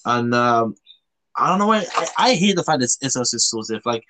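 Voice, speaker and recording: Lively, bright-voiced male podcast host. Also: mid-range voice, moderate pace, slight background noise. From Canada. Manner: rambling, many fillers and restarts. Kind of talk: casual chat.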